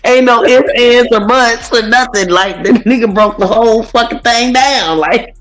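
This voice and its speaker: Blunt, profane woman co-hosting. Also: on the high side. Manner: blunt, profane, quick to laugh. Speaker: co-host. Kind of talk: casual chat.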